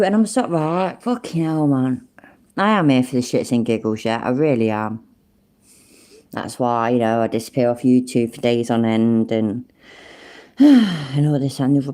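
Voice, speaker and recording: A woman's voice: rumbling low, lively intonation, moderate pace, dark tone. A woman hosting a reaction video, furiously ranting and swearing nonstop. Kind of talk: angry reaction commentary.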